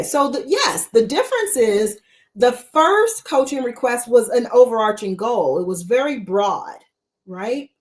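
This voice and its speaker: A woman's voice: medium pitch, a little mellow. Woman coach asking repeated questions. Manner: repeats rhetorical questions to the audience. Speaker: mentor coach. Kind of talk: live-streamed coaching lesson.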